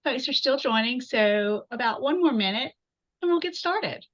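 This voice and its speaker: A woman's voice: sits high, lively intonation, normal speed, a bit bright, highs cut off. Chatty woman webinar host. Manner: upbeat, chatty, folksy. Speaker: host and chapter president. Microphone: video call.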